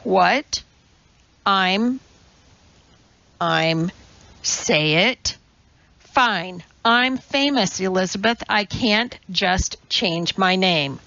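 A woman's voice: mid-range voice, very slow, long pauses, pushed and bright, no room sound, highs cut off, exaggerated voice. A woman voicing a stubborn, proud man scientist who talks in an insistent, defensive way in an audiobook reading.

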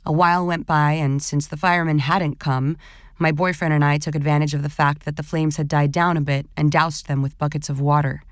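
A woman actor calmly reading a first-person story as scripted narration. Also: deep voice, fairly quick, no echo, studio quality.

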